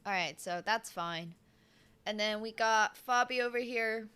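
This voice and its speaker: A woman's voice: on the high side, unhurried, pushed and bright, clear, resonant tone. A woman in her twenties commentating chess on a live stream in a casual, chatty way, humming and laughing between remarks. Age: 20s.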